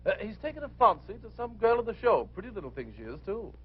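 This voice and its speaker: A chipper man, high-pitched, husky, dull vintage audio. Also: very animated, fast, full character voice. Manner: airy, chipper. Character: chipper male theatre man, breezy. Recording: dull old film soundtrack.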